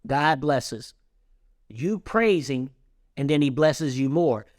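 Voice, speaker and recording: A man's voice: medium pitch, expressive, takes it slowly, no room sound, studio quality. A man hosting an interview, talking about faith in a preacherly way and explaining with analogies. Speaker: host. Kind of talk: casual interview, faith talk.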